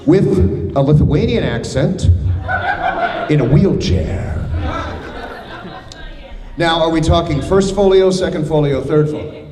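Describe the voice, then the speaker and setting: A man's voice: a little high, dark tone. A man answering audience questions on a convention panel, riffing playfully and breaking into silly voices. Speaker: voice actor guest at a convention panel. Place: large convention hall with a live audience. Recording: echoey convention hall with a long reverb and a crowd.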